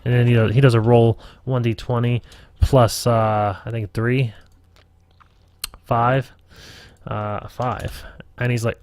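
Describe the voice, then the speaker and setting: A man's voice: medium pitch, slow, no echo. A man running a casual live tutorial stream as game master, rambling, swearing and talking to himself at his computer. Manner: rambling, profane, self-talking.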